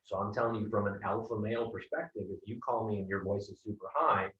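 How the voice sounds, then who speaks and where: A man's voice: fairly low pitch, quick pace, a bit bright, reverberant, distant mic, lo-fi sound. A man coaching sales trainees, direct and confident, often checking in with "right?". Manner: direct, keeps asking "right?". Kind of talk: coaching feedback.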